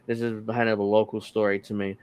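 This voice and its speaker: A man's voice: on the low side, level tone, darkish tone, smooth, no room sound. A male podcast host from New Jersey chatting casually and reading news stories aloud with frequent ums and restarts. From New Jersey, United States. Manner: halting, many ums while reading.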